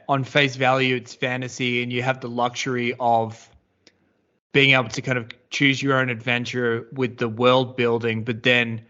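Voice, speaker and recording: A man's voice: medium pitch, bright, forceful tone. A man co-hosting a podcast in casual chat, rambling and hedging, swearing now and then. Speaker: podcast co-host. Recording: slightly dull audio.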